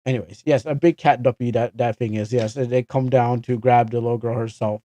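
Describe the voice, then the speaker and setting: A man's voice: mid-range voice, fairly even intonation, brisk, mellow. A young Canadian man chatting casually on a game livestream, rambling and correcting himself with chuckling asides. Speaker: streamer.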